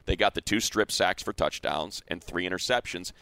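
A man's voice: low voice, normal speed, gravelly, clear, resonant tone, no room sound. A man co-hosting a sports show, arguing points emphatically in casual debate. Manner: emphatic, animated, repeats words when heated.

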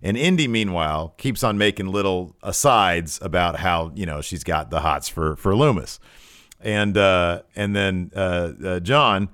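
A man talks through last night's wrestling as a podcast co-host, in a loose, chatty recap. His voice sits low. The sound is dry and close, with no room around it. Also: a little slow, clean tone, no room sound. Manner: animated, mimics wrestlers with squeaky high voices when quoting. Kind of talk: casual wrestling recap chat.

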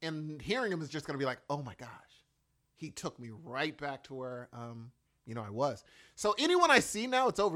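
A man's voice: on the high side, moderate pace. A man in his forties in casual chat, telling emotional stories and acting out what people said. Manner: animated, emotional storyteller with acted-out quotes.

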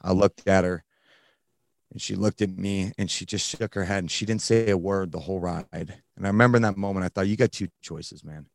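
A man, a guest on a talk show, telling his personal story candidly in casual slang, often halting and restarting. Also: low-pitched, vocal fry, no echo. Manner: blunt, casual, uses slang. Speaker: guest recounting his addiction recovery.

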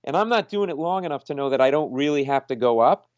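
A man, a comedian, telling an animated anecdote in conversation, acting out the people he quotes and laughing as he goes. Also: on the high side, fast talker, no echo, highs cut off. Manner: acts out quoted voices, laughs mid-story. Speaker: stand-up comedian guest.

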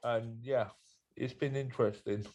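A man co-hosting a podcast in casual chat, dry and deadpan, saying little. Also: mid-range voice, unhurried, lo-fi sound. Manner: dry, deadpan, few words. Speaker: podcast co-host.

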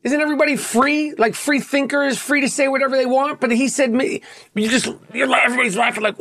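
Podcast host, New York man, high voice, brash profane rant. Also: fairly even intonation, fast, fairly bright tone. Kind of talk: ranting podcast monologue.

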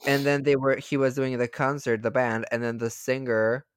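A young man co-hosting a casual gossip podcast, slangy, excitable and swearing freely. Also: mid-range voice, moderate pace, clean tone, dry recording, studio quality. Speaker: podcast co-host.

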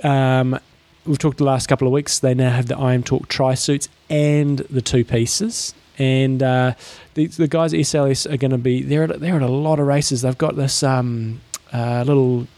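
Gravelly man chatting casually. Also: medium pitch, moderate pace, hardly any pauses, no echo. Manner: relaxed, rambling, many fillers. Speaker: podcast co-host. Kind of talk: casual chat.

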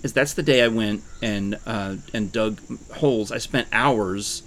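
A man's voice: fairly low pitch, a little slow, a little hiss or hum. A man co-hosting a casual chat, joking and rambling through stories. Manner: joking, rambling, lively storyteller. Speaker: podcast co-host. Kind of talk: casual chat with a live-read ad.

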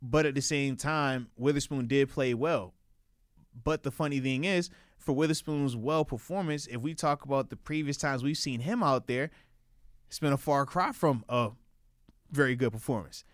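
A young man co-hosting a football podcast in casual, animated, jokey chat. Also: mid-range voice, moderate pace, no room sound, clean studio sound. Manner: animated, jokey, slips into a mock Australian bit.

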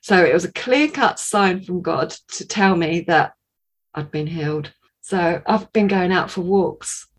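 Breathy woman telling her story. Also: on the low side. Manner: animated storytelling with laughs and pauses. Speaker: guest sharing a testimony. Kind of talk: personal storytelling in a podcast interview.

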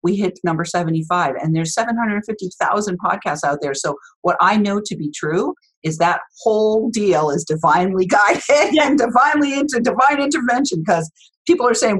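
Husky-voiced woman podcast host. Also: medium pitch, animated, moderate pace, rough recording. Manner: effusive, warm praise and spiritual talk. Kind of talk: casual interview chat.

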